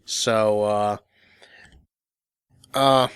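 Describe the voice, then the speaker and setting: A man's voice: fairly low pitch, steady tone, extremely slow, fairly bright tone, smooth, no echo, studio quality. A man teaching an instructional audio course in a matter-of-fact, casual way, full of fillers and restarts. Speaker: dating coach.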